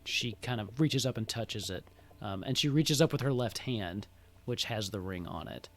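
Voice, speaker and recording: A man narrating a tabletop role-playing game as game master, with an animated delivery and frequent fillers. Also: lowish voice, moderate pace, slight background noise. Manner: lively, narrates with hesitant fillers.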